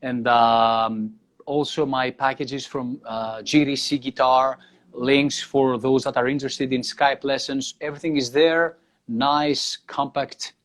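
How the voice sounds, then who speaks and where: A medium-pitched Greek man, a guest guitarist, speaks English with a Greek accent in a casual interview over a video call or live stream. He comes across as earnest and grateful and keeps restarting what he says.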